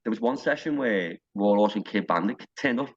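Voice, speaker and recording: A man's voice: fairly low pitch, animated, a little fast, husky, highs cut off. A man, a wrestling coach telling stories in casual podcast chat, rambling with restarts and quoted dialogue. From North West England. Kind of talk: casual storytelling.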